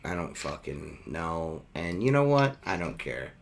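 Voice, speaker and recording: A man's voice: deep voice, big pitch swings, a little slow, vocal fry. A man hosting a casual podcast chat over a video call, rambling and swearing with plenty of fillers. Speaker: podcast host.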